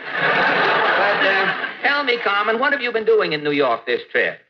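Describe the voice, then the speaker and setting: A wisecracking man hosts a 1940s radio comedy, his slightly high voice bouncing through puns. The recording is dull and hissy, like an old broadcast. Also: very animated, measured pace. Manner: wisecracking, punning.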